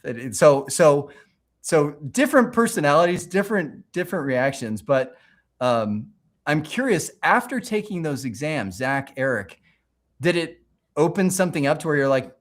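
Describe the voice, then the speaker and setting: A man hosting a livestream, telling stories in a casual, animated way, often restarting his sentences. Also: fairly high pitch, normal speed. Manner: animated, rambling storytelling with many restarts. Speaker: livestream host.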